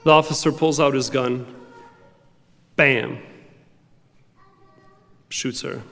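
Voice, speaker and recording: A man's voice: medium pitch, fairly even intonation, slow, a bit bright, big-room sound. A man preaching a sermon in an emphatic, repetitive cadence. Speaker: pastor.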